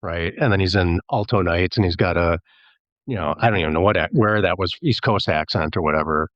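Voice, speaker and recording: A man's voice: sits low, a little fast, a bit bright, dry recording, highs cut off. A man, a filmmaker and actor, talking as a podcast guest in a chatty, rambling way and mimicking voices when he quotes people. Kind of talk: casual podcast interview.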